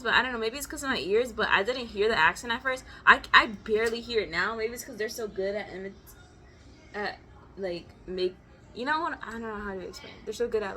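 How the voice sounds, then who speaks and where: A woman's voice: on the low side, sharp tone, slight background noise. A young American woman vlogging in casual chat, rambling and slangy, often correcting herself mid-sentence. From United States.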